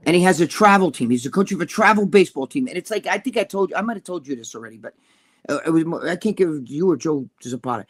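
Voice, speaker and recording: A middle-aged man, ranting loudly and profanely as a podcast co-host. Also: a little high, expressive. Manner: loud, profane, fast-shifting rant.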